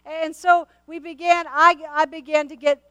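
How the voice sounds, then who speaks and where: A high-voiced woman pastor delivers a sermon. She speaks straight to her congregation in an earnest, conversational way, often stumbling over and repeating her words as she tells a story. The sound is close and dry, with no room echo. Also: flat delivery, normal speed, fairly bright tone.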